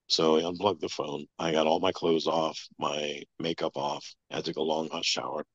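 A man telling a long personal story as an interview guest, in a flat, matter-of-fact way. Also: extremely low pitch, normal speed, dry recording. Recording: dull lo-fi sound.

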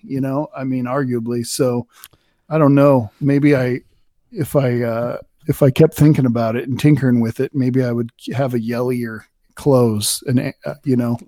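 A man's voice: medium pitch, darkish tone, no room sound, studio quality. A man being interviewed about his poems, talking thoughtfully and rambling, with many fillers and restarts. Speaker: poet guest. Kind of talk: casual conversation about poetry.

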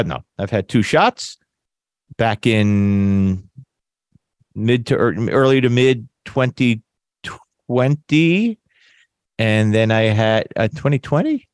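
A man's voice: mid-range voice, a little mellow, no echo. Congested male talk radio host, rambling, dry studio sound. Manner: rambling, self-correcting, laughs mockingly. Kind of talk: conservative talk radio commentary.

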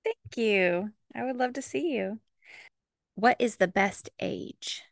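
A woman's voice: a little high, slow, vocal fry, no echo. Giggly woman with dry close sound. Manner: upbeat, giggly. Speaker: co-host asking questions. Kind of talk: casual chat.

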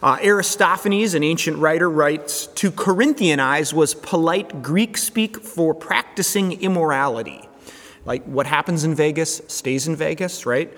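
A man's voice: a little high, a little slow, fairly bright tone. Casual preaching man in a reverberant hall. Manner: casual, chatty, with many fillers and restarts. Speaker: pastor. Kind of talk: conversational sermon.

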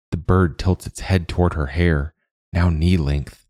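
Deep-voiced male audiobook narrator. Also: fairly even intonation, measured pace, darkish tone, no room sound, clean studio sound.

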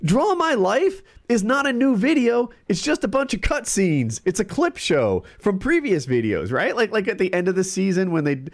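A man's voice: high voice, very animated, normal speed, few pauses, no room sound, studio quality. A man hosting a casual podcast chat, rambling with frequent restarts. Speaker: podcast host.

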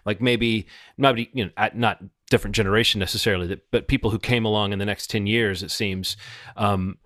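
A man in his forties co-hosts a podcast and talks through a movie in a casual film discussion, sounding thoughtful and hesitant and restarting often. His voice sits on the low side with fairly even intonation, a slightly fast pace, and a fairly bright tone, recorded in clean studio sound with no room noise.

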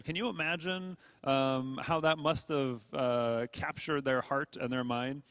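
A man's voice: mid-range voice, a little slow, fairly bright tone, no echo. A man preaching a sermon to a congregation in an earnest way, often repeating words and checking in with the room. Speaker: pastor.

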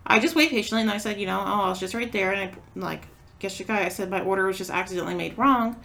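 A woman's voice: medium pitch, rapid-fire, gravelly, pushed and bright. A woman co-hosting a podcast, telling a story in casual chat, acting out quotes and swearing freely. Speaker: podcast co-host.

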